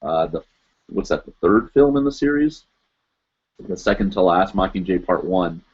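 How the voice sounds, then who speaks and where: A man's voice: low-pitched, expressive, normal speed, a little mellow, slightly rough. A man hosting a casual live chat, rambling and searching for words, full of fillers and restarts. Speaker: podcast host. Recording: dull lo-fi stream audio.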